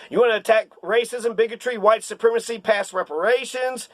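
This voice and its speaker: Heated male commentator, sarcastic rant, high-pitched, dry close mic. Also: a little fast, hardly any pauses, no echo. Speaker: political commentator. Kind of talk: casual ranting commentary.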